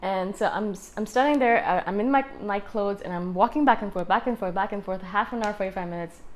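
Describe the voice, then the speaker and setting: A woman tells a personal story to her vlog audience in a loose, conversational way, poking fun at herself. Her voice sits at an ordinary middle pitch, and she slips into her own inner voice as she retells the moment. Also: a little fast, a little hiss or hum. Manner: self-deprecating, animated retelling with inner-voice asides. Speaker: YouTube host.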